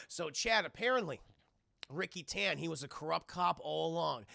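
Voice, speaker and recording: A man recapping a film on a live stream, animated and profane, talking to his chat. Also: fairly high pitch, normal speed, gravelly, no echo, clean studio sound.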